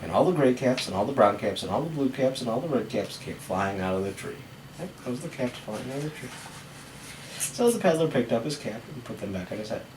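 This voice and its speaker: A woman reading a picture book aloud to a child, animated, with asides in between. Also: very deep voice, a little fast. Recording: echoey room, far from mic, background noise.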